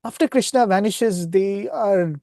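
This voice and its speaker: Brief: earnest male retreat speaker, mellow tone, dry close sound, devotional storytelling. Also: sits high, a little slow, creaky, dry recording. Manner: earnest, retells scripture stories, often asks "right?".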